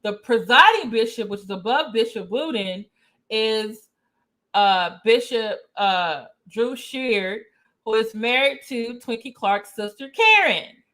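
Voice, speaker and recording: A woman's voice: fairly high pitch, lively intonation, slow, pushed and bright. Chatty woman doing reaction commentary. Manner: chatty, reads definitions aloud, greets viewers. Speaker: commentary vlogger.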